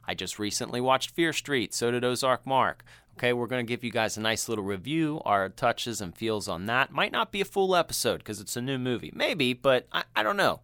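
A man co-hosting a casual podcast, talking with a bright, forceful voice. He is animated, laughs often and acts out the people in his stories. The mic picks up a close, dry sound. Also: mid-range voice, fairly quick, clear, resonant tone, no room sound. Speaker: podcast co-host. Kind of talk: casual chat.

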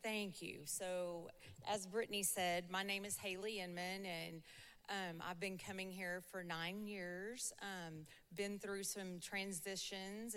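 Bright-voiced Southern woman telling her story. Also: fairly low pitch, clean tone. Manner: chatty, laughs often, quotes others. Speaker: church member giving testimony. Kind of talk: casual storytelling testimony. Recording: long hall reverb.

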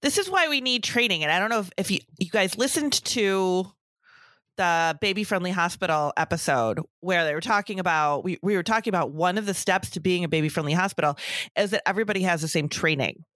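This time the same breastfeeding professional and podcast co-host sounds lowish and a bit bright, with lively intonation and a brisk pace. She's a middle-aged woman on a casual show, stressing her points and adding exasperated remarks about pediatric office work, captured dry at studio quality.

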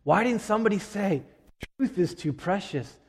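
A middle-aged man preaching a sermon as pastor, emphatic, with dramatic pauses and swings from loud to hushed. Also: high voice, lively intonation, husky. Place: church sanctuary. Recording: long reverb of a large hall.

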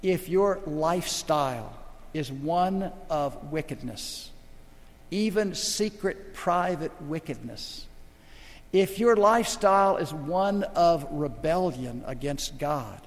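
Older male preacher with a high voice. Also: lively intonation, slow, long reverb tail. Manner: dramatic storytelling, swings between loud and hushed. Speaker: pastor. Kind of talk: sermon.

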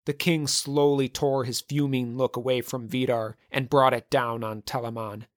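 A man narrating a dramatic legend in a measured, vivid storytelling manner. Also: mid-range voice, flat delivery, dry recording, studio quality.

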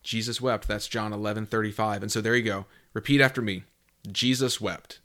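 A man in his thirties from the southeastern United States talks through a Bible passage in a relaxed, earnest way. His voice sits fairly low, and he slows down when he reads scripture aloud. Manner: earnest, conversational, reads scripture slowly and warmly. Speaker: Bible teaching host. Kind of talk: casual Bible teaching talk.

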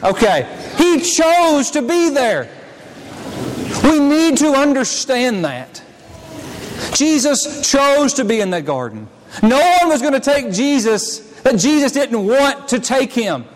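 A male pastor delivers a dramatic sermon, stepping into the scenes he describes as he goes. His voice sits very high for a man. The sound carries the long reverb of a large church hall. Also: big pitch swings, slow pace. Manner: dramatic preaching, acts out scenes. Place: church sanctuary.

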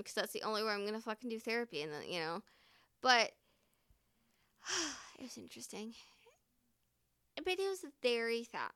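A woman's voice: on the high side, pushed and bright, clear, resonant tone, dry recording, studio quality. A woman who works as a first responder, telling a rambling, candid story and swearing freely. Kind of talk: casual storytelling vlog.

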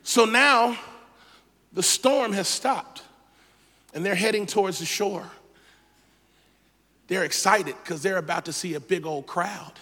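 A man preaching a sermon as a guest speaker, telling the story with lively humor and playful asides. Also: high voice, slow pace, long pauses, in a large hall.

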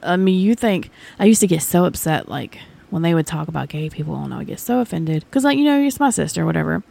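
A woman's voice: deep voice, animated, fast, vocal fry, mellow. A woman in her forties, ranting bluntly and profanely in a casual podcast chat. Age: 40s. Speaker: podcast co-host.

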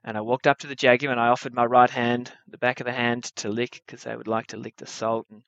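A young man telling a true adventure story at a live story slam, wry and animated, with comic timing. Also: medium pitch, fast talker, no echo, highs cut off.

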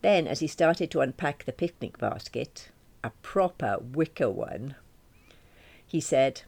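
A woman's voice: extremely low pitch, lively intonation, a little slow, gravelly, a little mellow. A woman reading a first-person novel, chatty and wry, poking fun at herself. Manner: wry, self-deprecating, chatty. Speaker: audiobook narrator.

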